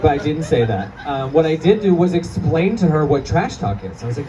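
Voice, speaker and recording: Speaking fairly quickly with hardly any pauses, a man in his thirties tears through a profane, self-mocking stand-up routine, laughing as he lands each punchline. His voice is on the high side and very animated. The audio comes from a distance in a comedy club, where the live crowd laughs and chatters.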